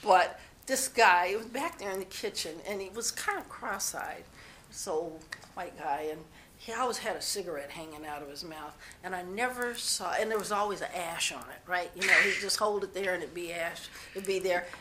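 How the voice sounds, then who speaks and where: Against a noisy background, a woman with a voice on the low side speaks at normal speed in an interview. Her personal stories come out rambling and candid, with frequent restarts.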